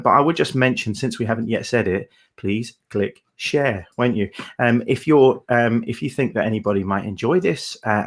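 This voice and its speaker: A man's voice: fairly low pitch, fairly bright tone. A man co-hosting a folk song livestream, chatting casually in a rambling, hesitant way with many fillers.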